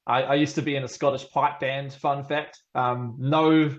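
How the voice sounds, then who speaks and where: A man's voice: medium pitch, steady tone, moderate pace, muffled recording. Male, New Zealand accent, mid-range voice, loose and talkative podcast guest. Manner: chatty, laughs often, many fillers. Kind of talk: casual chat.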